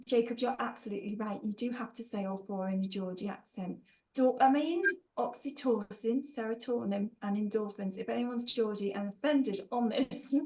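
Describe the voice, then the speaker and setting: Brief: woman trainer on a video call, fairly high voice, upbeat and encouraging with participants. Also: darkish tone, low-quality recording. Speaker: workshop trainer. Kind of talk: live online training session.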